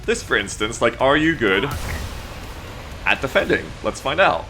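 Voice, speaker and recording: A man's voice: mid-range voice, sing-song, moderate pace, bright, forceful tone, soft background music. A man in his thirties from Australia with a blended, lightly Australian Anglosphere accent, chatting casually and rambling on a gaming stream, swearing now and then and reading chat aloud. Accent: mixed Anglosphere, mildly Australian.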